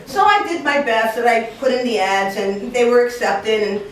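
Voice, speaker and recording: Recorded from a distance in an echoey room, a Puerto Rican woman in her forties with Puerto Rican family roots tells a comic story live. Her voice is on the high side at a moderate pace, and she animatedly acts out the quoted voices.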